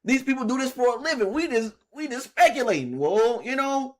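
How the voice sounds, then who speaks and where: A man's voice: very high voice, brisk. A man reacting to news clips in casual streaming commentary, laughing as he goes. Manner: animated, laughing, trailing off quietly.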